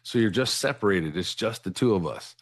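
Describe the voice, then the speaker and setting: A middle-aged man with a very deep voice shares his personal story as an interview guest. He talks earnestly, restarts words as he gathers his thoughts, and checks in with "right?" after his points. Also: expressive, fairly quick.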